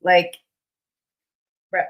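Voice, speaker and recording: A young woman hosting a casual livestream, rambling with many fillers and getting excited. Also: extremely slow, highs cut off. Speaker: livestream host.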